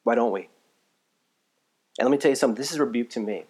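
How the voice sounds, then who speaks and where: A man from the United States preaching a live sermon in a conversational way, swinging between emphatic bursts and quiet asides, a little tired. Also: mid-range voice, quick pace, slightly rough. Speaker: pastor.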